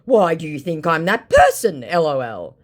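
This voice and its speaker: Sulky young male scammer, evasive and whiny, stretched-out high voice, put on by a woman retelling the chat. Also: very animated, moderate pace.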